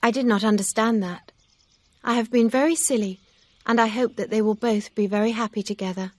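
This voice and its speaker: A woman's voice: a little high, fairly even intonation, brisk, no room sound, voice pushed up, natural voice. A woman voicing an earnest, upset young woman in an audiobook reading, talking in a pleading, emphatic way.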